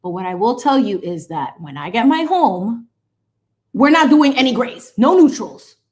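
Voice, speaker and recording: A woman's voice: on the high side, moderate pace. Chatty late-thirties woman painting live. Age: 30s. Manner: chatty, animated, greets chat viewers with squeals. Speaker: painting livestream host. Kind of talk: casual chat while painting live.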